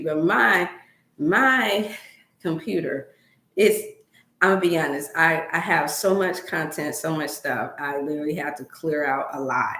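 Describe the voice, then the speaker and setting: Broadcasting a casual wellness stream from home, this middle-aged woman rambles in a folksy manner and then guides viewers through a prayer. Her voice sits low yet sounds fairly bright, unhurried, with a roomy feel.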